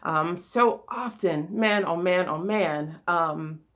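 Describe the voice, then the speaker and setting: A woman's voice: on the low side, takes it slowly. A woman giving a casual spoken talk as a spiritual coach, rambling with many fillers and restarts, earnest and encouraging.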